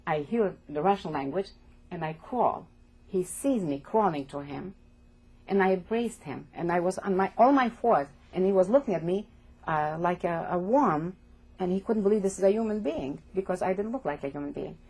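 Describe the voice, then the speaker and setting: An older woman from Poland giving oral history testimony as an interviewee, speaking haltingly and repeating words as she goes. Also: fairly low pitch, animated, darkish tone. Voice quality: gravelly, husky.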